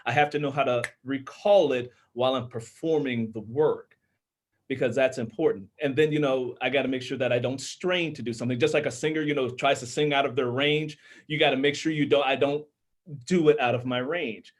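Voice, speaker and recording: A man's voice: mid-range voice, steady tone, brisk. A man from Minnesota, an author and audiobook narrator, explaining his craft earnestly in casual panel chat, with a tenor voice and many restarts.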